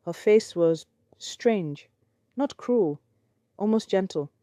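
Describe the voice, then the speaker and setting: A woman's voice: medium pitch, expressive, takes it slowly, mellow, clean tone, dry recording, studio quality. A woman storyteller narrating a dramatic folktale with suspense.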